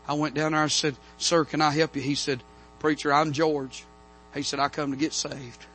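Fiery preacher with a bright voice. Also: male voice, on the high side, flat delivery, normal speed, slight background noise. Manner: storytelling preacher, building to loud emphatic amens. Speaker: pastor. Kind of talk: revival sermon. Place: church sanctuary.

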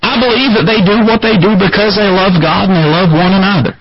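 A man preaching a sermon as pastor, emphatic and climbing higher in pitch to drive points home. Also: steady tone, a little fast. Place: church sanctuary. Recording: muffled lo-fi church recording with congregation.

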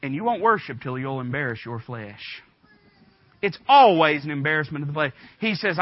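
A man preaching a sermon, telling folksy stories and building up to loud, fervent preaching. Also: fairly high pitch, animated, moderate pace, dull audio.

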